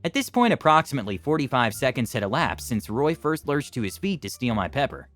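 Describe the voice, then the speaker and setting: A man narrating online stories in a scripted, animated and expressive way, adding his own comments. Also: mid-range voice, brisk. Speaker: story narrator.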